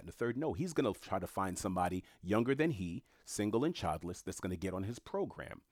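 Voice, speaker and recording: A man's voice: fairly low pitch, no room sound, studio quality. A man giving a blunt, emphatic monologue, often repeating words for stress. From Haitian family. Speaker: commentator. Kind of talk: casual monologue commentary.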